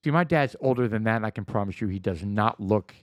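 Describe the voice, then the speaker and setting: A man's voice: fairly low pitch, expressive, fast, no echo, clean studio sound. A man hosting a casual podcast chat, blunt and easily amazed, moving the talk along. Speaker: podcast host.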